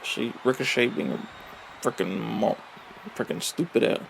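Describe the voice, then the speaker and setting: A man commentating a wrestling video game with excited play-by-play, full of exclamations and mild swearing. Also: mid-range voice, normal speed, gravelly, a little hiss or hum. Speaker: gaming commentator.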